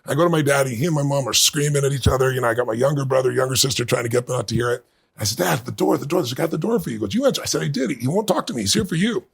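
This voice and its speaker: A middle-aged man being interviewed, telling a personal story in earnest and building to bursts of excitement. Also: mid-range voice, rapid-fire. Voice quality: gravelly, husky. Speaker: guest.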